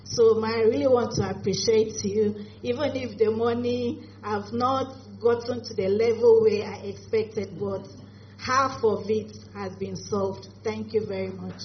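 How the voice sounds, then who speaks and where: A woman's voice: on the high side, fairly even intonation, measured pace. Matter-of-fact woman trader. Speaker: trader giving testimony. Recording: dull lo-fi audio with faint noise.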